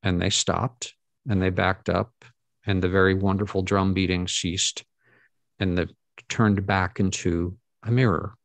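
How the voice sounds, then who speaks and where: A middle-aged man speaks in a gravelly, fairly low voice, recorded close and dry. He tells his story earnestly to an audience, stopping and restarting as he goes. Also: flat delivery, dry recording. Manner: earnest, halting, with many fillers and restarts. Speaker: guest speaker.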